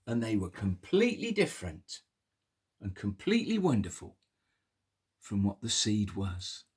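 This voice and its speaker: A man telling a Bible story to toddlers in an animated, sing-song way, coaxing the children to pull faces. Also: fairly low pitch, measured pace, breathy edge.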